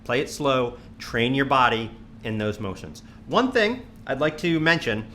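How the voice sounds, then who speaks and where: A man teaching a drum lesson, patiently counting sixteenth notes aloud and stressing slow, accurate practice. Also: a little hiss or hum. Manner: patient, repeats counts in a low steady voice. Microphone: studio mic on a stand near the kit.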